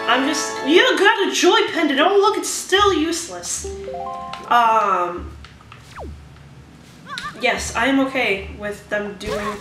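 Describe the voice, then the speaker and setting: Chatty woman in an echoey room. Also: medium pitch. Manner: rambling, chatty, wry asides to the viewers. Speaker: let's play commentator. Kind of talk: casual gameplay commentary. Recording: echoey room, distant mic, music behind.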